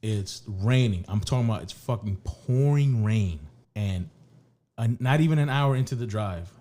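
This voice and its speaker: A man's voice: on the low side, expressive, normal speed, dark tone. A man co-hosting a podcast, telling a long story in casual chat, rambling and swearing, with many restarts. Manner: rambling, profane, restarts often. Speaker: podcast co-host.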